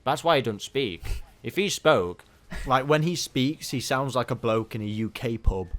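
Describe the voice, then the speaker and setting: A man hosting a casual let's-play, excitable and self-mocking. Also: mid-range voice, moderate pace. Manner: excitable, self-mocking, prone to laughing outbursts. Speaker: gaming channel host.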